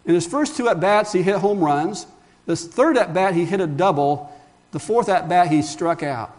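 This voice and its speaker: A man with a notably high voice delivers a sermon as a pastor. He preaches with emphasis, throws rhetorical questions at his listeners and calls them friends. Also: normal speed, a little mellow.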